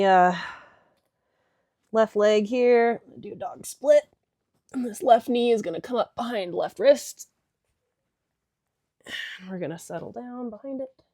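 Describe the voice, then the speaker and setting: A woman's voice: on the high side, a little mellow, dry recording, clean studio sound. Chatty irreverent woman leading stretches. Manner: chatty, irreverent, joking asides. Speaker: yoga and stretching instructor. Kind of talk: casual guided stretching class.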